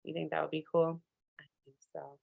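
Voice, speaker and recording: A lively woman presents a virtual workshop, talking in an easy, chatty way with plenty of fillers. Her voice sits a little low, and it comes through a video call. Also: brisk, gravelly, narrow, tinny audio. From Minnesota. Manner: enthusiastic, chatty, many fillers and asides. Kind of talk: casual virtual workshop talk.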